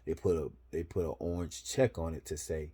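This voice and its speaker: A man with a low, mellow voice tells a story in loose, profane slang. He comes from Florida. His talk rolls along with "boom" between each step. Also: fairly even intonation, a little fast, slightly rough. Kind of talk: casual storytelling.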